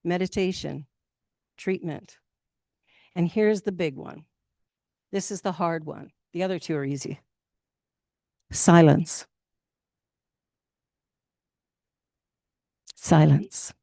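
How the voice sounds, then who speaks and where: A Canadian woman gives a relaxed sermon in a chatty, candid way, acting out little quotes as she goes. Her voice sits a touch low for a woman. The sound is dry and close, with little room around it. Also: a little slow, long pauses, no room sound. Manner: chatty and candid, laughs often, acts out quotes. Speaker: minister. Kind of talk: casual spoken sermon. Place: spiritual centre in Toronto.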